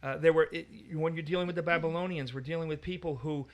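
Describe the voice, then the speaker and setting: A man's voice: a little high, fairly even intonation, fast talker. Emphatic man teaching on scripture. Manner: emphatic, argumentative. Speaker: Bible teacher. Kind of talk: teaching discussion.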